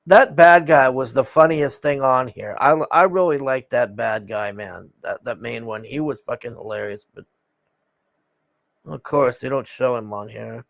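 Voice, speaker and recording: A man's voice: medium pitch, a little slow, vocal fry, no echo. A man casually recapping a film in a rambling, exasperated way, swearing often and sighing.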